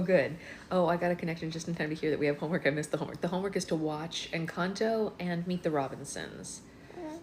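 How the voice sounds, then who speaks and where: A woman's voice: low-pitched, slight background noise. A woman in her thirties with a slight cold, chatting casually as host of a live book club and reading viewer comments aloud. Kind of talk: casual livestream chat.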